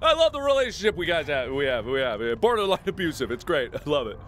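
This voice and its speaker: A man in his twenties playing a game and chatting jokily with his viewers in an excitable way. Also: a little high, fast, slight background noise. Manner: excitable, jokey, talks to viewers. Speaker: gaming host. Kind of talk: let's play commentary.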